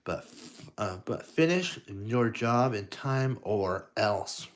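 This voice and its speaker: A man voicing a boastful, scheming villainous rat mastermind as he reads a storybook aloud, talking slowly with a sneer. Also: fairly low pitch, lively intonation.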